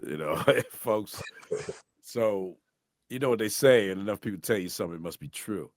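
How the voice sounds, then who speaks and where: Deep-voiced middle-aged guy from st louis, chatty animated stories, acts out voices, dry close mic. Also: normal speed, no room sound. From St. Louis, USA. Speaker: guest voice actor. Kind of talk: casual storytelling interview.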